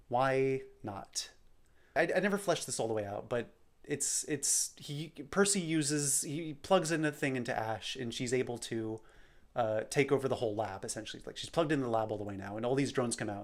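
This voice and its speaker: A male animator talking casually through a rough storyboard in a rambling, self-deprecating way. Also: medium pitch, fairly bright tone.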